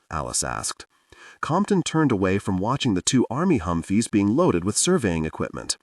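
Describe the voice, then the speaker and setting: A man narrates a thriller audiobook in a measured storytelling way. His low voice is husky and rises and falls a lot. The recording is dry and sounds set back from the mic. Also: huge pitch swings, dry recording. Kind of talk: scripted narration. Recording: dry, distant-miked.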